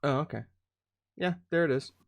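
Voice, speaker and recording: A man's voice: on the high side, normal speed, creaky, dry recording. A man co-hosting a podcast in casual, joking chat. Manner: joking, playful, does voices. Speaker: podcast co-host. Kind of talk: casual chat on a live stream.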